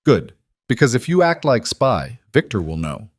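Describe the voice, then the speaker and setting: A man's voice: mid-range voice, sing-song, moderate pace, husky, dry recording, studio quality. A man voicing a blunt male henchman with a heavy foreign accent and broken grammar.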